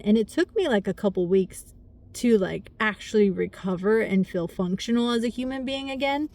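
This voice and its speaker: A woman's voice: medium pitch, darkish tone, no room sound. A young adult woman telling a personal story to the camera, candid and rambling, with small laughs through the hard parts. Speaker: vlogger. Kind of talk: casual storytime.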